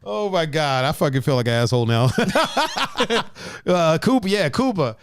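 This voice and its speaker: A man hosting a podcast in casual chat, animated and profane, laughing often. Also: on the high side, normal speed, noisy background. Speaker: podcast host.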